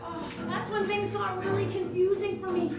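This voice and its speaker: A middle-aged woman doing a solo stand-up show, animated, breaking into song and mock voices. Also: very high-pitched, moderate pace. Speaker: stand-up comedian. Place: theater stage. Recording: distant, echoey stage recording with music.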